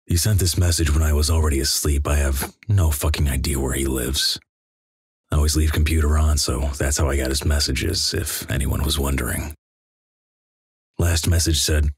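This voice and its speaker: A man reading an internet story aloud in a flat, deadpan manner. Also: a bass voice, normal speed, slightly rough, no room sound, clean studio sound.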